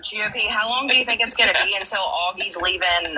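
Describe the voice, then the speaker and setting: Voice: mid-range voice, quick pace, a crowd in the background, low-quality recording. A speaker in a group voice chat, taunting and challenging another participant. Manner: taunting, aggressive.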